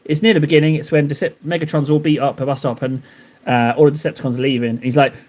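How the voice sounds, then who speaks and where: Fast and level in tone, this young man's voice is on the high side and a little mellow. He paints miniatures on a live stream, bantering playfully with viewers and teasing them in mock-dramatic bursts.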